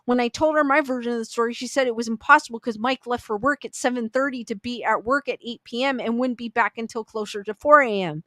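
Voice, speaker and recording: A woman's voice: a little high, quick pace, few pauses, a bit bright, dry recording. A woman reading online ghost stories aloud in a casual, chatty way, with little asides. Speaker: story reader.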